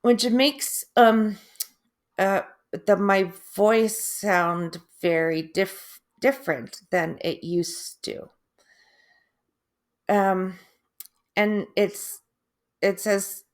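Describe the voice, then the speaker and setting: A middle-aged woman talking in a casual personal video, halting, with restarts, long pauses and drawn-out, oddly stressed syllables. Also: medium pitch. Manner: laughs softly at herself. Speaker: vlogger sharing her stroke recovery.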